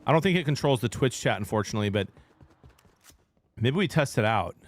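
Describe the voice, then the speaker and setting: A middle-aged man livestreaming, talking to his chat in a loose, joking way. His voice sits at an ordinary middle pitch. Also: animated, a little fast, faint music behind. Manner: chatty, jokey, talks to chat while playing. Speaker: streamer. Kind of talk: casual gaming livestream chat.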